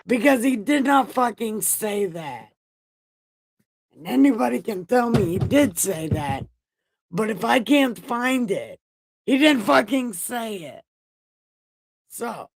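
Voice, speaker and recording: Woman host reading the bible on a stream, jokey and swears a lot, talks real slow, dry close sound. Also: mid-range voice, creaky, husky, no echo. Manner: joking, profane, playfully boastful. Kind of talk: casual livestream Bible reading.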